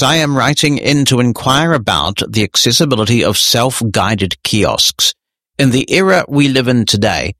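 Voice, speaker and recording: Podcast host: New Zealand man, low-pitched, wry and brisk, dry close sound. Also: a bit bright, no room sound. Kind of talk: scripted podcast presenting and reading listener mail. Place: office.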